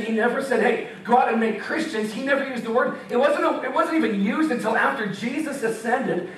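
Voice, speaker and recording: Animated young man preaching in echoey hall. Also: very high voice, recorded from a distance. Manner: animated, jokey, acts out voices of God and Gideon. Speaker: campus ministry speaker. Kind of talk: casual sermon with scripture reading. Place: meeting hall.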